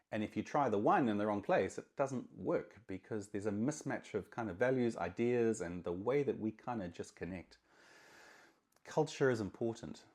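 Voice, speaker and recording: A middle-aged man hosts his own marketing show and speaks directly into the camera in a loose, conversational style. His voice sits a touch low. He stresses his points firmly and sometimes repeats a word before going on. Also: a little mellow. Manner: emphatic, conversational, with repeated words. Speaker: marketing consultant, podcast host. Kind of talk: casual monologue to camera.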